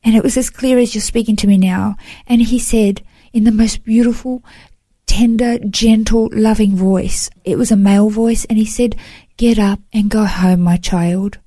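A guest from Australia recounts her own heartfelt story with earnest emotion, leaning on "you know" again and again. She has a fairly high, warm voice with fairly even intonation and normal speed, and the recording has no echo.

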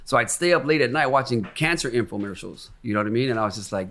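A man's voice: medium pitch, racing, few pauses, fairly bright tone. A middle-aged man from Venice, California, telling stories in a casual, profane, rambling podcast chat. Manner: profane, rambling storyteller who acts out quotes. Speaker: podcast co-host.

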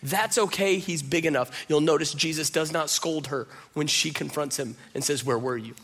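A man preaching in a loose, conversational way, his voice sitting a little higher than most men's. He talks straight to the listeners, says "y'all", and fills his sentences with "like". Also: normal speed, a bit bright. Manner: casual and direct, addresses listeners as "y'all", uses filler "like". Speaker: pastor. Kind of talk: conversational sermon.

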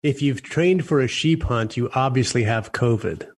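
A man's voice: medium pitch, moderate pace. A man hosting a radio talk show, blunt and jokey in his opinions.

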